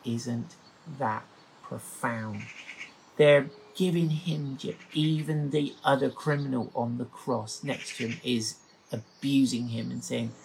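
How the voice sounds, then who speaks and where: A man's voice: medium pitch, fairly even intonation, slow, creaky, slight background noise, poor audio. A man in a middle register reads scripture and stops to reflect, breaking into heartfelt exclamations. His commentary is earnest and musing. He leaves questions hanging for his listeners. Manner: emotional, exclaiming, musing aloud. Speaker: Bible teacher.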